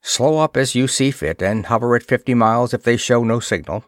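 A man's voice: mid-range voice, fairly quick, no room sound, clean studio sound, close to an everyday voice. A man voicing a stern male spaceship commander who gives clipped, decisive orders. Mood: commanding.

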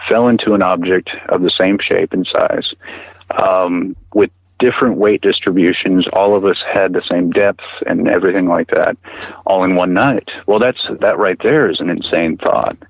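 A middle-aged man recounting a personal experience as an interview guest, halting and earnest, often repeating words as he talks. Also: sits low, steady tone, dry recording, narrow, tinny audio. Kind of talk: personal account in conversation.

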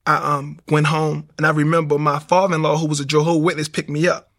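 Man, animated testimony, gravelly and bright. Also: on the high side, quick pace. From Baltimore, USA. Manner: animated street storytelling, acts out the voices. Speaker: speaker giving a testimony. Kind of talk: personal testimony storytelling.

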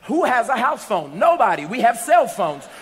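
High-voiced preacher in a reverberant hall. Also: male voice, very animated, normal speed. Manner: storytelling, rising to shouts and playful asides. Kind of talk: sermon. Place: large church hall.

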